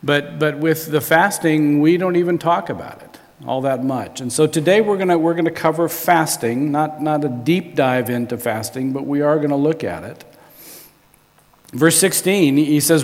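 A man's voice: fairly high pitch, moderate pace, in a large hall. A man preaching a sermon as a pastor, in a conversational way that often restarts and repeats words.

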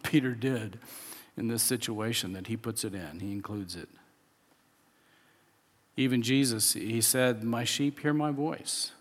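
Guy preaching a sermon, chatty, keeps restarting, lots of echo in a big hall. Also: mid-range voice. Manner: conversational preaching with frequent restarts and chuckles. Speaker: pastor.

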